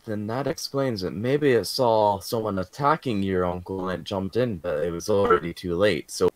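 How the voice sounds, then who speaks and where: Man, tabletop player, thinking aloud, hesitant, low voice, dry sound. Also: normal speed, dry recording. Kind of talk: casual game chat.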